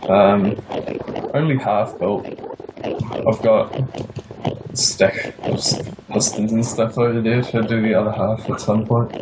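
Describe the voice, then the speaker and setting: A young man with a New Zealand accent giving a casual tour of his game build, pausing often with fillers. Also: fairly low pitch, noisy background. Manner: hesitant, many pauses and fillers.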